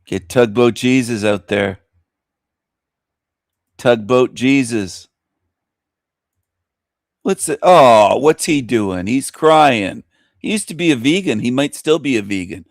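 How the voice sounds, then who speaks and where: A man's voice: mid-range voice, animated, takes it slowly, long pauses, no room sound. A ranting male radio host with a crude delivery, chuckling at his own jokes. His voice sits in a middling range and sounds dry and close to the mic. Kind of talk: shock-jock monologue.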